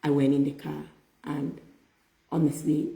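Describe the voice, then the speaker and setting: A middle-aged woman telling a personal story in a casual faith-based chat, animated and often laughing as she quotes herself. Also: low voice, a little slow, vocal fry. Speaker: host. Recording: echoey room.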